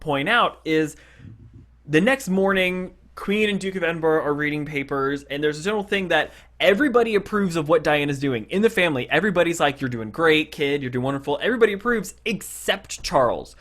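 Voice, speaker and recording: Guy cohosting a podcast, recaps scenes and does the lines himself, kinda high voice. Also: a little fast. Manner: animated retelling, acting out quotes. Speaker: podcast co-host. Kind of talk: casual chat reviewing a TV episode.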